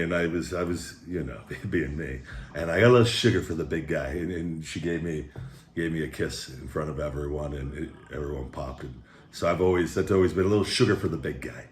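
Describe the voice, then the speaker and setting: A man's voice: low voice, echoey room. A man hosting a food review vlog at home, talking in a rambling, laid-back way and calling himself the big guy. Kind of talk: casual chat. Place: home room with pet dogs.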